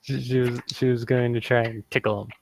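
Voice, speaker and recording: A young man playing a character in a tabletop game describes what she does in the third person, hesitant and repeating words. His mid-range voice is fairly quick, has vocal fry, and barely moves in pitch. A little hiss or hum sits in the recording.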